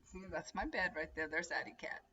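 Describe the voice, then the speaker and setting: A woman's voice: deep voice, a little fast, pushed and bright, slightly rough, muffled recording. An older woman, chatting casually to camera from her bedroom in a rambling, storytelling way. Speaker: tarot reader and vlogger. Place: bedroom at home, indoors.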